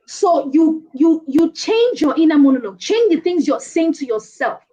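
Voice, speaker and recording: A woman giving speaking advice as a guest in a casual online interview, lively and playful, often laughing. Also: high voice, normal speed, few pauses, rough recording. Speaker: guest speaker, presentation coach.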